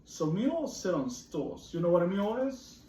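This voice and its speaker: A man patiently teaches children a phonics lesson, reading a picture book aloud, explaining its rhymes and asking them questions. His high voice is sing-song and mellow at a moderate pace. The recording sounds roomy and distant, with faint noise.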